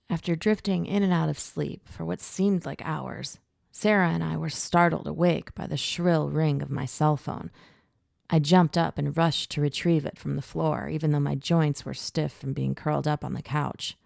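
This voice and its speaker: A woman narrating a first-person novel in a measured, steady way. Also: low voice, creaky, no room sound, studio quality. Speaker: audiobook narrator.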